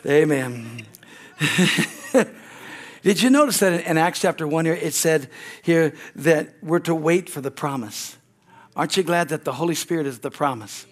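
A middle-aged American man preaches with fervor, dotting his sermon with amens and hallelujahs. His voice sits a little higher than most men's. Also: expressive, unhurried, long pauses. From United States. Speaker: pastor. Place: church sanctuary.

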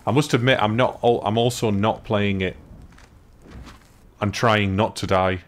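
A man from England rambles in a relaxed way while he plays a game. His voice sits on the low side, and he keeps talking at an unhurried, easygoing pace. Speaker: player and commentator. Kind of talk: casual gaming commentary chat.

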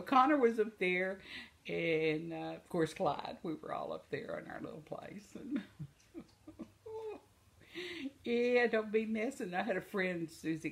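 An older woman telling funny stories in a rambling, casual way, often breaking into laughter and circling back with asides. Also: mid-range voice. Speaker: vlogger. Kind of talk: casual storytelling.

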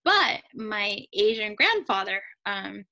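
Woman, casual chat, bright voice, thoughtful, conversational. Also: mid-range voice, big pitch swings, takes it slowly. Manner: thoughtful, asks "right?" often.

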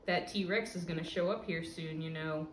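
A woman doing a low, uneasy Spinosaurus. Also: steady tone, moderate pace, distant mic, a little hiss or hum, lightly acted. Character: nervous big male Spinosaurus. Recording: roomy echo.

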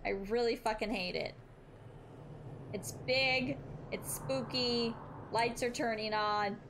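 A woman's voice: a little high, steady tone, slow, background noise. A young woman streaming a game, chatting with her viewers, swearing freely and reading in-game text aloud. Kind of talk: live gameplay commentary.

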